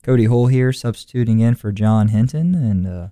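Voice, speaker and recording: A young man filling in as co-host, reporting college golf results in a relaxed way with many fillers. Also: medium pitch, moderate pace, no room sound. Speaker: stand-in co-host. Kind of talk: casual sports results rundown.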